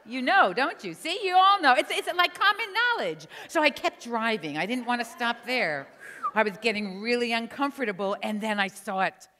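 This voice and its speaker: Older woman from New Jersey, comic stage storyteller; animated, bouncy, slightly high voice in a long hall reverb. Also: normal speed. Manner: animated, chatty, teases the audience. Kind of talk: humorous live storytelling.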